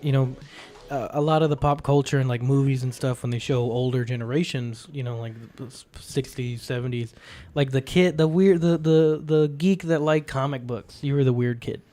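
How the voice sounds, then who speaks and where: A man's voice: medium pitch, moderate pace, hardly any pauses, mellow. A man talking as a podcast guest, earnest and searching for words with repeated starts. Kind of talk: casual podcast chat. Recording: lofi music underneath.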